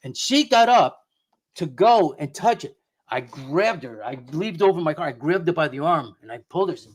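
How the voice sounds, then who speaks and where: A man's voice: fairly high pitch, lively intonation, normal speed, breathy edge. A middle-aged man, a guest on a radio show, telling a personal story in a rambling way full of restarts and quoted dialogue. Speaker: guest investigator of the unexplained.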